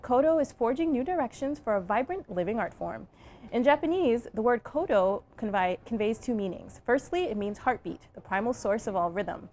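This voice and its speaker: A woman presenting a local TV magazine show, her voice a bit high and upbeat. She reads scripted segments and asks guests questions, with faint ambient noise under her. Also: animated, moderate pace, a little mellow. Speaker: TV show host. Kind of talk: scripted segment narration and interview.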